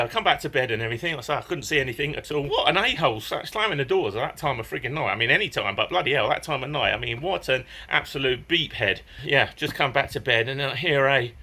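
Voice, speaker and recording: Animated swearing man telling a story. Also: mid-range voice, quick pace, few pauses, breathy edge. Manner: animated, swears a lot, exclaims often. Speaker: vlogger. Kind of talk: casual storytelling vlog.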